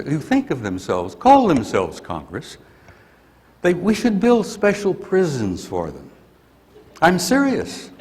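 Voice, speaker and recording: A man's voice: fairly high pitch, big-room sound. An older man giving a blunt, grumpy conference talk and venting his anger. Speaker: conference speaker. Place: conference hall.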